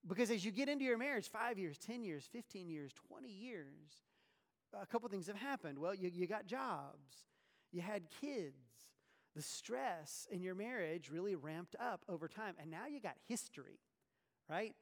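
Animated preaching man in a reverberant hall. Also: high voice, normal speed, creaky. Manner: animated, full of rhetorical questions and sarcastic asides. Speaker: pastor. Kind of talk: sermon.

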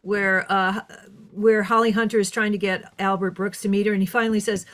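A woman's voice: mid-range voice, flat delivery, a little fast, fairly bright tone. A woman from the United States interviewing a guest in easy chat, often saying you know. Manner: chatty, leans on you know.

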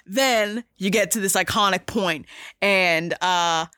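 Bright-voiced young woman, chatty and excitable. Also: mid-range voice, takes it slowly, clean tone, no echo, studio quality. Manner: chatty, excitable, swears, lots of "like" and "uh", acts out quotes. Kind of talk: casual movie recap.

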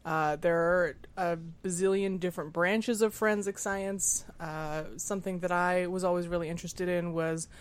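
A woman's voice: on the low side, steady tone, normal speed, hardly any pauses, clean tone. A woman hosting a casual panel chat, chatty and self-mocking, with frequent filler words. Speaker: podcast host.

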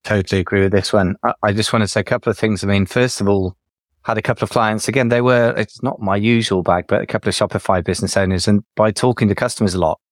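A man's voice: on the low side, steady tone, fast, dry recording, studio quality. A man chatting on a business podcast, giving advice in a casual, thinking-aloud way. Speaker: podcast co-host, business adviser.

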